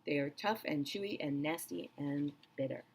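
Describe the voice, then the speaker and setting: A woman's voice: deep voice, normal speed, breathy edge. A woman voicing a smaller male crocodile in a storybook read-aloud, primly disgusted at the idea of eating children.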